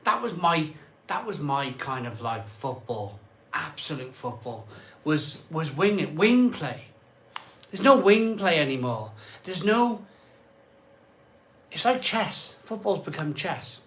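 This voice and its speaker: A man's voice: on the high side, sing-song, slow, fairly bright tone, a little hiss or hum. A man hosting a live stream from his home bar, reading out viewer comments in a rambling, chatty way and often repeating himself. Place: cold home conservatory bar.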